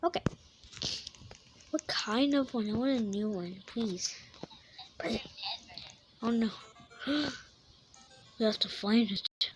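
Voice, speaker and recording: A young woman giving excitable gameplay commentary, gasping and exclaiming at what happens in the game. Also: a little high, slow pace, pauses often, over music, rough recording. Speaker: gaming YouTuber.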